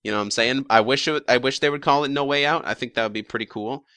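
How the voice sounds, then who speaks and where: A man's voice: medium pitch, fast talker, bright, forceful tone, smooth, no room sound. A young man talking casually about episode predictions, rambling with lots of fillers, restarts and the odd swear word. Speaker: YouTube show commentator.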